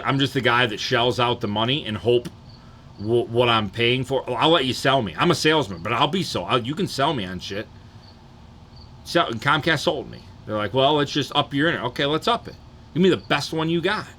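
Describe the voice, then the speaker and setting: A man's voice: medium pitch, sharp tone, slight background noise. A man from the Detroit area, ranting casually and profanely on a livestream and often asking "you know what I'm saying".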